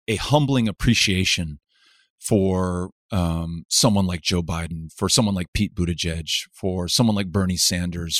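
A middle-aged politician from West Texas, speaking in a lowish voice as an interview guest, talks in an earnest, reflective way. He halts and restarts sentences and builds his points in rhythmic, parallel lists. The recording is close and dry, with no room sound.

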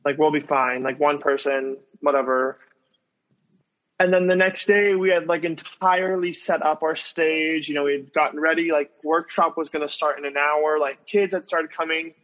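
A man's voice: a little high, level tone, normal speed, few pauses, a bit bright. Rambling young man on a muffled call. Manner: rambling, heavy "like" fillers. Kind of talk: casual video call chat. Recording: dull lo-fi call audio.

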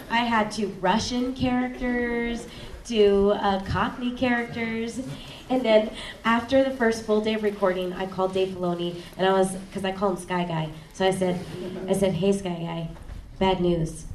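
A woman who narrates audiobooks, chatting casually on a panel with many ums. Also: on the high side. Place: live event stage. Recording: roomy, distant mic, faint noise.

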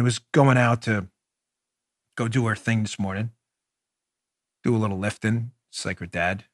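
A middle-aged man from New York hosting a political podcast, firing off sarcastic rhetorical questions with indignation, then dropping into soft, confiding asides. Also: mid-range voice. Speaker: podcast host. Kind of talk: heated political commentary.

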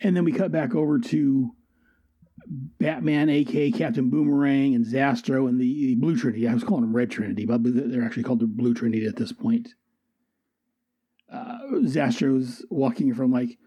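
A man's voice: mid-range voice, fairly even intonation, normal speed, dark tone, husky, dry recording, highs cut off. A man giving a casual, rambling and enthusiastic comic book review, often restarting and correcting himself.

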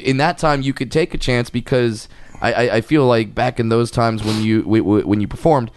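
A man's voice: mid-range voice, steady tone, moderate pace, slight background noise. A man co-hosting a podcast, stammering through restarts and chiming in with agreement. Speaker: podcast co-host. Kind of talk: casual podcast chat.

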